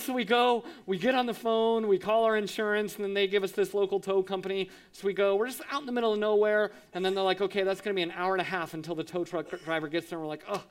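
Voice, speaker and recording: A man in his thirties, a pastor, telling a lively personal story in a sermon, acting out voices and sound effects. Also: high voice, fairly quick. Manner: animated, acts out quotes with sound effects.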